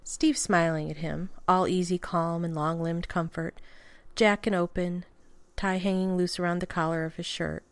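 A woman narrating a fan fiction story aloud at a steady pace with casual swearing. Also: lowish voice, normal speed, no room sound.

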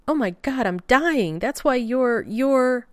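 A woman's voice: lively intonation, darkish tone, no room sound, studio quality. Woman doing a flustered sarcastic man. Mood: panicked. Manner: high, agitated, rapid protests. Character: flustered, anxious, sarcastic adult man, injured. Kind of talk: fan fiction reading.

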